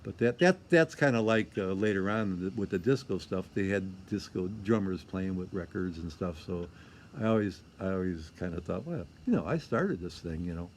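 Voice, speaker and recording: An older Michigan man, an interview guest, tells casual stories in a low, animated voice at normal speed, with a bit of hiss or hum. He rambles, repeats himself, and acts out what people said.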